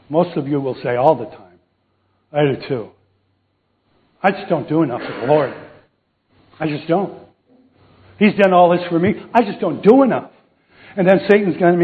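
A man preaching a casual sermon, telling a Bible story, acting out the voices and joking with the audience. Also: fairly high pitch. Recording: tinny phone-like sound.

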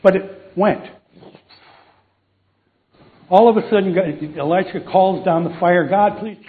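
A man's voice: high-pitched, measured pace. A man preaching a casual sermon, telling a Bible story, acting out the voices and joking with the audience. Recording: tinny phone-like sound.

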